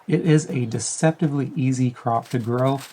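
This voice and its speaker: A man hosting a backyard farming channel, reading a scripted voice-over in a measured, explanatory tone. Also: medium pitch, warm tone, a little hiss or hum, rough recording. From Canada.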